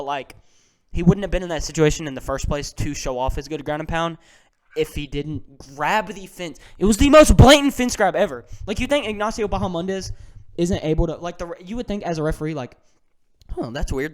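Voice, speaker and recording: A young man giving a casual, excitable breakdown of fight results, ranting and swinging between low mutters and loud outbursts. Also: smooth. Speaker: MMA fan vlogger.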